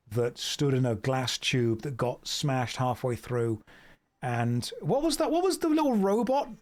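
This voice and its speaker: A man's voice: a little high, a little mellow. A young man streaming, rambling casually and slipping into playful baby talk with his dogs. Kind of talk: casual live-stream chat.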